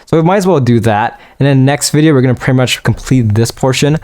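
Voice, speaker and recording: A man's voice: medium pitch, quick pace, a little mellow, clear, resonant tone. A young man giving offhand, casual commentary over a game, muttering reactions and the odd swear. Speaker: let's-play gamer.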